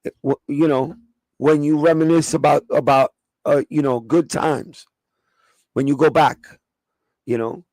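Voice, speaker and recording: Man, New York accent, livestream host, streetwise and profane, gravelly, fairly high voice. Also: fairly even intonation, measured pace, long pauses, a little mellow, dry recording. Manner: profane, streetwise, chatting with live viewers. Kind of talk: casual livestream chat.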